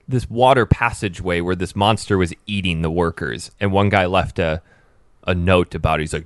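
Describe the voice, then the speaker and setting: A man's voice: low voice, moderate pace, dry recording, studio quality. A man telling game stories in casual podcast chat. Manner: animated, storytelling. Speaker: podcast co-host.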